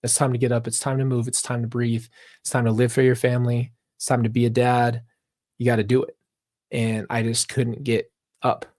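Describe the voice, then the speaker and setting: An earnest man talks straight to his viewers during a live reaction stream, drifting into long reflective tangents. His voice sits at an ordinary male pitch and is recorded dry and close, with no room echo. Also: little pitch movement, fairly quick, darkish tone. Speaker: reaction channel host.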